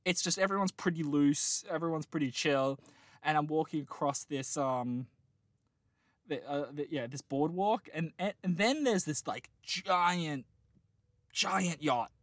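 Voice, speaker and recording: A man's voice: fairly high pitch, measured pace, fairly bright tone, no echo, studio quality. A man in his late twenties chatting casually, telling a long rambling dream with lots of laughter and restarts. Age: late 20s. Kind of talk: casual chat, dream storytelling.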